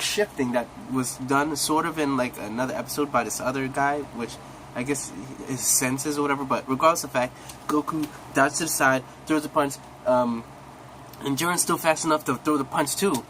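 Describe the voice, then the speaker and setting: A young man excitedly retelling an anime episode in a casual, rambling way full of slang, coughing now and then. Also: fairly high pitch, slight background noise, rough recording. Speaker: recap host.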